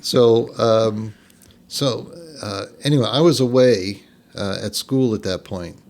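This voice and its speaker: A man's voice: lowish voice, slow, gravelly, darkish tone. Older jersey guy rambling through a family story on a podcast, lots of ums and so-anyways. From New Jersey. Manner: rambling, lots of fillers and restarts, laughs at his own story. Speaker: podcast guest. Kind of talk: casual storytelling.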